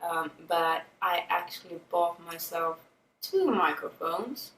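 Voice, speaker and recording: A young woman with a Swedish accent talks through her makeup routine in a loose, frank way, swearing and laughing as she goes. Her voice sits fairly low for a woman. She is recorded by a camera mic set back in a roomy space with a faint hiss behind her. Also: slow pace, fairly bright tone, far from the mic. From Sweden. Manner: casual, frank, swears freely, laughs often. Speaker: beauty vlogger. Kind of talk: chatty get-ready-with-me vlog. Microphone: camera-mounted mic, a little far.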